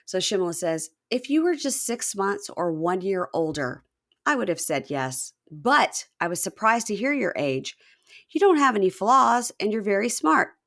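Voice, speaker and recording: Casting note: woman podcast host, low-pitched, lively storyteller voicing quotes in a raised voice. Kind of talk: casual chat recapping a reality show.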